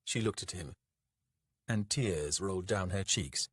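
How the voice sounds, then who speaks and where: A man narrating an audiobook in a gentle, measured reading. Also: low voice, husky, dry recording, studio quality. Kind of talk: scripted narration.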